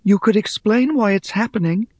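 A man's voice: high voice, moderate pace, breathy edge, no echo, studio quality, pitched above the performer's own voice. A man voicing an earnest young girl who pleads urgently, in a storybook reading. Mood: pleading.

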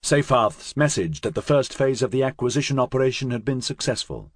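A man narrating an audiobook in a measured, dramatic way, his pitch moving in a lively manner. His voice is husky, and the recording is dry and close with no room sound. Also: dry recording.

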